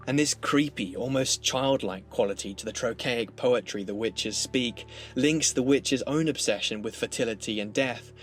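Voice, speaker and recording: Low-voiced man explaining literature. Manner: measured, explanatory. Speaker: literature lecturer. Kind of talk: scripted educational narration.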